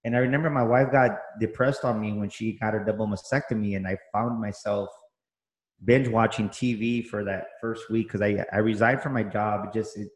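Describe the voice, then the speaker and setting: A man's voice: on the low side, steady tone, moderate pace. A middle-aged man from Texas, a motivational coach, talking enthusiastically as an interview guest, often repeating words as he starts. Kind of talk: energetic interview talk. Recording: roomy echo.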